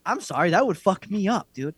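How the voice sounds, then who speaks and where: A man's voice: sits high, big pitch swings, a little fast, a bit bright, husky, dry recording. A man co-hosting a casual fight podcast, ranting bluntly and mockingly with plenty of profanity. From Irish heritage. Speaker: podcast co-host. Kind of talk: casual MMA chat.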